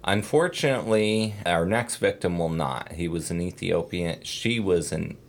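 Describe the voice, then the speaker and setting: A man's voice: deep voice, a little slow, vocal fry, slight background noise. A man hosting a casual true crime podcast, telling the case in a rambling way with many fillers and self-corrections.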